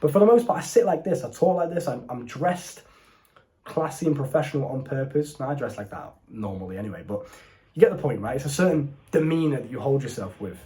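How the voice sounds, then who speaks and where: A young man talks straight into the camera, coaching the viewer on dating in a blunt, slangy way. His voice is dark and mellow, set at an ordinary middle pitch. He sits indoors, speaking as if to a mate. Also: animated, fairly quick. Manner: casual slangy and blunt, addresses viewer as bro. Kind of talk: direct-to-camera advice talk. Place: indoors, seated before a camera.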